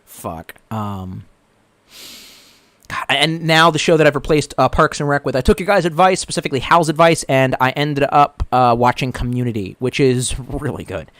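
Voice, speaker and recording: In a dry recording, a live streamer with a medium-pitched, fairly bright voice speaks at a moderate pace. He swears plenty while rambling, reading out viewer comments, and doing silly voices for jokes he retells.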